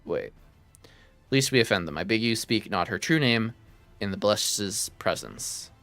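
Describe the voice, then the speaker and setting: A man's voice: on the low side, expressive, unhurried, fairly bright tone, soft background music. A man reading aloud the lines of a solemn male elf scholar who speaks in old-fashioned formal phrases. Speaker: streamer reading game dialogue.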